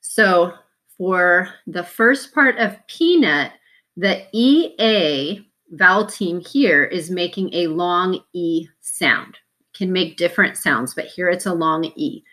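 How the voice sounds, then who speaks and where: A woman teacher walks young students through a spelling lesson, sounding out every syllable and letter with slow patience. Her voice sits a little low, yet its tone is bright and clear.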